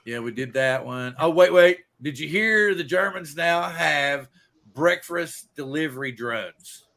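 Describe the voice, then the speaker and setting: A man's voice: fairly high pitch, lively intonation, unhurried, creaky, a bit bright. A man hosting a casual group show, telling a long joke in a rambling, folksy way. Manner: rambling, folksy storyteller with lots of fillers. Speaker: podcast host.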